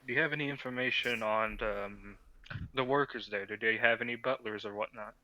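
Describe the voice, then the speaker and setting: A man's voice: fairly low pitch, brisk, sharp tone, muffled recording. Brash, joking man at a game table. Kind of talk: casual in-character banter.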